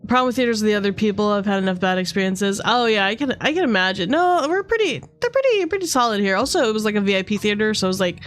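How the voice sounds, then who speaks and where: A woman's voice: mid-range voice, racing, few pauses, soft background music. A young woman from Canada chatting casually on a livestream, rambling with lots of fillers and swearing freely. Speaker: streamer.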